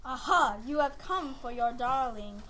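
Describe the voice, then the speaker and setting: A woman's voice: sits high, animated, measured pace, fairly bright tone, a little hiss or hum, low-quality recording. A woman voicing a scheming old witch who draws out her calls in a mock-wicked sing-song. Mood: gloating.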